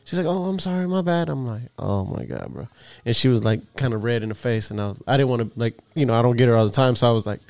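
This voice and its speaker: A man's voice: medium pitch, quick pace, creaky, few pauses, darkish tone, dry recording. A middle-aged man, telling a rambling, profane story in casual podcast chat. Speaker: podcast co-host.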